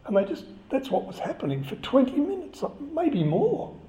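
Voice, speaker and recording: A man's voice: very high-pitched, huge pitch swings, moderate pace, mellow. A man giving a chatty, conversational sermon and joking with the congregation. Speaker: preacher. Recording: echoey, slightly dull church recording.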